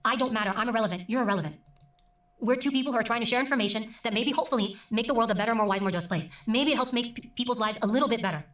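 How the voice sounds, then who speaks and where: Woman, middle-aged, news presenter, emphatic, quick delivery, higher voice, echoey room, a bit off-mic. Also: a bit bright, recorded from a distance. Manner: deliberate, emphatic, with pauses. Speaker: news presenter and interview guest. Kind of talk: conversational interview.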